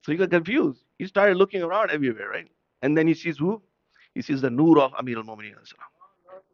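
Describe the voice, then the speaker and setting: Fast-talking man delivering an impassioned sermon. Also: on the high side, expressive, no echo, muffled recording. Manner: rhetorical questions, switches between English and Urdu. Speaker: preacher at a mourning gathering.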